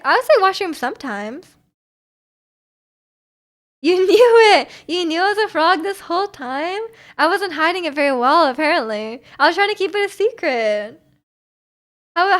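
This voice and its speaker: A woman's voice: high-pitched, a bit bright. A woman streamer chatting casually with her chat, bubbly and giggly, often restarting her sentences. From Canada. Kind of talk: casual chat reading viewer comments.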